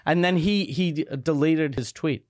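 A man's voice: on the high side, moderate pace, darkish tone, dry recording, studio quality. A man from City, co-hosting a podcast in blunt, joking casual chat. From Quebec City. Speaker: podcast co-host and comedian.

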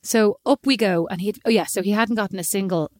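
An Irish woman telling a long, animated, self-mocking story in casual chat, often slipping into quoted voices. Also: medium pitch, fairly quick, no room sound, studio quality. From Ireland.

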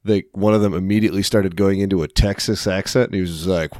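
Low-voiced dude, jokey and rambling, dry close mic. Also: male voice, steady tone, fast talker, few pauses, a little mellow, no echo. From United States. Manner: jokey, rambling, laughs often. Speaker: podcast co-host. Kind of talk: casual chat.

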